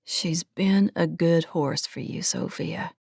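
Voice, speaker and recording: A woman reading an audiobook, voicing an older male ranch foreman who speaks gently and slowly. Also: fairly low pitch, vocal fry, breathy edge, dry recording, studio quality, heavily acted. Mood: gentle. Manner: gentle, calm, slow.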